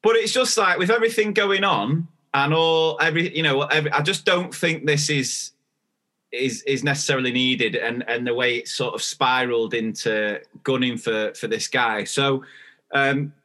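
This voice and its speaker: A man's voice: mid-range voice, normal speed, bright, forceful tone. A young man, co-hosting a podcast and telling a story in casual chat, acting out the dialogue. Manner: chatty storytelling, acts out dialogue. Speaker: podcast co-host.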